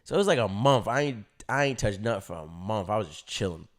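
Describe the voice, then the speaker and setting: A man's voice: on the low side, lively intonation, fast talker. A young man vlogging, telling a story in a casual, slangy way and acting out his own past reactions.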